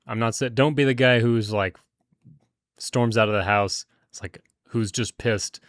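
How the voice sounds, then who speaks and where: A man co-hosting a podcast who gives advice in a calm, steady way. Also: medium pitch, measured pace, dry recording, studio quality. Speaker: podcast co-host. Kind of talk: casual chat, advice.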